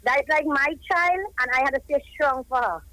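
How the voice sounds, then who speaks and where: A woman's voice: high-pitched, fairly quick, pushed and bright, no echo. Grieving Trinidadian woman on a phone call. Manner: grieving, rambling, emotional storytelling. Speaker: caller, cousin of a child who died. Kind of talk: live radio phone call. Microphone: telephone.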